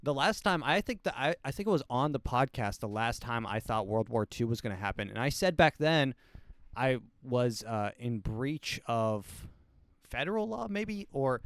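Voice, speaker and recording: A man in his twenties, a podcast host, talking in a rambling, hesitant way with deadpan jokes. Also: medium pitch, normal speed, no room sound, studio quality. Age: 20s. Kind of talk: casual solo commentary.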